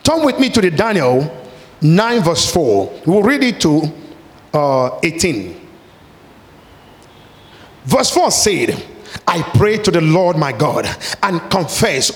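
A man's voice: high-pitched, sing-song, slow pace, gravelly. Impassioned preacher man in a reverberant hall. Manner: impassioned, rising to shouted pleas. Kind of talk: sermon.

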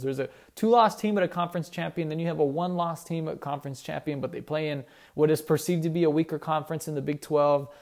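A young man hosts a casual college sports rundown. He rambles and restarts his sentences, correcting himself with easy enthusiasm. His voice sits a touch high for a man. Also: a little mellow. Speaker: sports podcast host.

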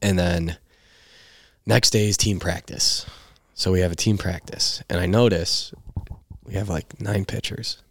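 A man in his twenties, a podcast guest, tells his story in a casual, animated way, swearing freely and saying "like" often. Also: low voice, measured pace, pauses often. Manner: animated, profane storytelling with lots of "like". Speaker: podcast guest, baseball player.

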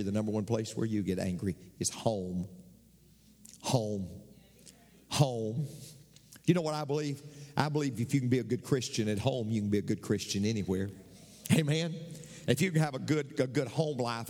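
A fairly high-voiced man preaching with emphasis, driving key phrases home by repeating them. He slips jokes in among verses. His voice rings out with a long hall reverb. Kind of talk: sermon.

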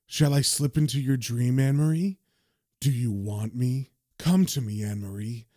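A man's voice: medium pitch, moderate pace, no room sound, studio quality, pitched below the performer's own voice, close to an everyday voice. A man voicing a seductive male demon that whispers to lure a woman in a comic book reading. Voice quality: soft, hushed.

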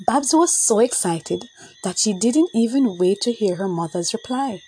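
Slow, expressive woman narrating. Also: medium pitch, breathy edge, low-quality recording. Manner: expressive storytelling. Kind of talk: children's audiobook narration.

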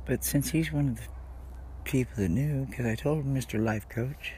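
A man of middle pitch talks on in a loose, confessional monologue, drifting from one thought to the next. His delivery is rambling and scattered, with frequent restarts. Faint ambient noise sits behind him. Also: moderate pace, warm tone. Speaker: podcast host. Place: friend's house in the country.

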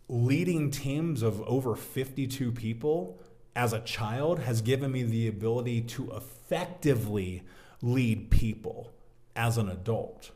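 A man in his thirties telling a story from his working life as a guest in a casual interview, animated and talking like a buddy. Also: medium pitch. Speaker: podcast guest, business owner.

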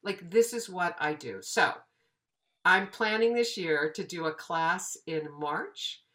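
A voiceover teacher in her fifties tells stories in a relaxed interview. Her voice is bright and sits a little low for a woman. She acts out the people in her anecdotes as she goes. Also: slow pace. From United States. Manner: animated, acts out quoted dialogue. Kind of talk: casual storytelling interview.

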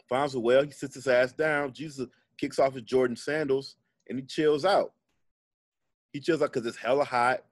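Man, podcast co-host, slangy comic storyteller, dry close sound, relaxed delivery. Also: medium pitch, husky, no echo. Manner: slangy, laid-back, irreverent. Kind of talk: casual comedic storytelling.

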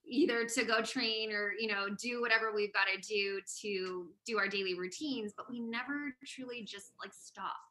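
A woman hosting a casual podcast chat. Her voice sits fairly high and sounds bright and forceful. She talks eagerly and at length. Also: normal speed, hardly any pauses. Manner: enthusiastic, talkative, frequent laughs. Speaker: podcast host.

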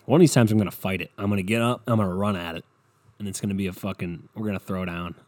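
Young man, casual comedic rant, swearing, low-pitched, mellow dark tone, dry close sound. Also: very fast, no echo. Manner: rambling, profane, animated storytelling.

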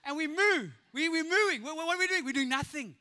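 A man with a South African accent preaching a lively, playful sermon as a pastor, acting out voices and often laughing. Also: extremely high pitch, fairly quick. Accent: South African English. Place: church auditorium. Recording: echoey church hall.

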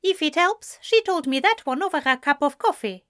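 A woman reading an audiobook, voicing a cheerful young female shop worker with a Spanish accent and a bright, teasing manner. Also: high-pitched, animated, moderate pace, pitched above the performer's own voice. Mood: friendly teasing.

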